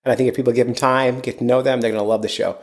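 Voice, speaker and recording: A man in the host's chair of a relaxed fishing podcast. His voice sits at an ordinary pitch, and he rambles easily from topic to topic, full of ums and restarts. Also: racing. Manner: rambling, chatty, many fillers and restarts. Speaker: podcast host. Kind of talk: casual chat.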